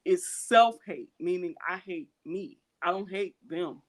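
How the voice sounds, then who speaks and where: A woman's voice: lowish voice, measured pace. Earnest woman podcast co-host. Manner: earnest, emphatic, repeats points for stress. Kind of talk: candid casual podcast chat.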